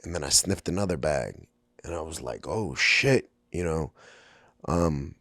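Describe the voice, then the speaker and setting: A man's voice: a bass voice, normal speed, darkish tone, no echo. A middle-aged man from Brooklyn, a podcast guest, telling his life story candidly with many ums and acted-out quotes. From Brooklyn, New York. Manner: candid, frequent ums, acts out quoted dialogue. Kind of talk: personal storytelling in a podcast interview.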